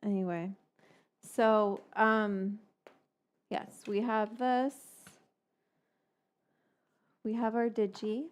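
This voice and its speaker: A woman's voice: medium pitch, little pitch movement, slow pace. Woman host for a casual cooking live stream, chatty and rambling, with offhand swearing.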